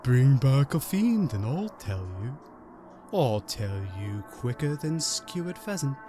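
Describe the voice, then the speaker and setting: A man voicing a sly skull in a pillar of the dead who bargains slowly. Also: medium pitch, big pitch swings, music in the background.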